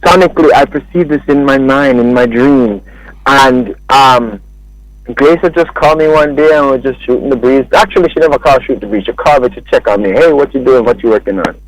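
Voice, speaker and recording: A man's voice: mid-range voice, brisk, dry recording, low-quality recording. A man with a Jamaican accent, a music producer talking as a guest in a casual radio interview, telling stories animatedly and acting out what others said. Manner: animated storytelling that acts out quoted speech. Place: radio studio.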